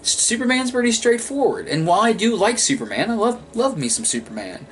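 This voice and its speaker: A man casually reviewing an animated film, rambling and swearing, with frequent restarts. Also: high voice, a little fast, a little hiss or hum.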